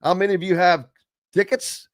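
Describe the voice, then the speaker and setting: A man's voice: sits high, fairly even intonation, normal speed, smooth, no room sound, studio quality. A man hosting a sports talk radio show, chatting casually in a rambling way and reading listener comments aloud.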